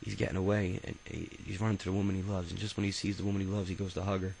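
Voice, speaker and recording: A man with a very low, gravelly voice tells his own life story like a loose, unscripted chat. He rambles, curses casually, and keeps stumbling over fillers and restarts. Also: flat delivery, racing, a little mellow, slight background noise, rough recording. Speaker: autobiography narrator. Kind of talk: casual spoken memoir.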